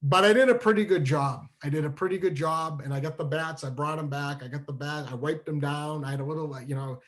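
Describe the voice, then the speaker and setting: A man from New Hampshire telling a childhood story at a virtual storytelling show, animated and full of restarts, acting out the dialogue. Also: on the high side, fast talker. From New Hampshire, USA. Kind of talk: live storytelling over a video call. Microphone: video call microphone.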